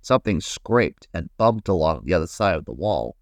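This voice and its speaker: A man hosting a podcast, reading a children's story aloud in a gentle, guiding way. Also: low voice, big pitch swings, no echo, studio quality. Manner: gentle, slow, guiding listeners. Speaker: host and storyteller.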